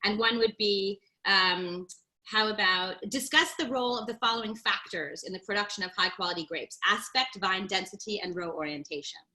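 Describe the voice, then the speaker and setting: American woman, wine teacher on a video call, bright clear voice, chatty and laughs easy. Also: mid-range voice, normal speed. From United States. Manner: warm, articulate, laughs easily. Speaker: wine educator. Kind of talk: interview guest.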